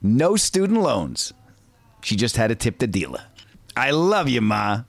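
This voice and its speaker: A man's voice: medium pitch, wildly swooping pitch, unhurried, dry recording. A young man hosting a podcast, joking playfully while chatting and narrating. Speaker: podcast host. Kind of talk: casual chat and show narration.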